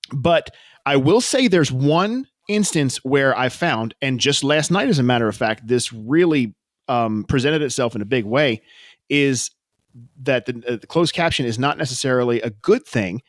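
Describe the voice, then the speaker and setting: A man's voice: mid-range voice, no room sound, clean studio sound. A man co-hosting a casual podcast chat, telling rambling stories and acting out what people said. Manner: rambling storyteller, acts out quoted dialogue. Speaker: podcast co-host.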